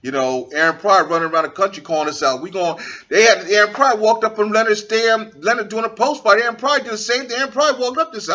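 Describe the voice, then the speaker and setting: Blunt, profane boxing talker, high bright voice. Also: male voice, quick pace, lo-fi sound. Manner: blunt, profane, acts out quoted fighters. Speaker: boxing talk show host. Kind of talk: casual opinion monologue.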